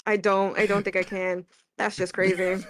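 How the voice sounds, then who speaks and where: A woman's voice: mid-range voice, little pitch movement, moderate pace, slight background noise, low-quality recording. A woman co-hosting a live anime commentary stream, talking in a heated, ranting way. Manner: heated and ranting, then apologetic.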